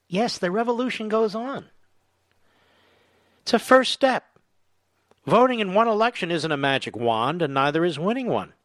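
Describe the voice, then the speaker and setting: Man, political commentary host, fairly high pitch, dry close sound, sarcastic. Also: no echo. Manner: sarcastic, indignant, rising to angry shouting. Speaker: talk radio host.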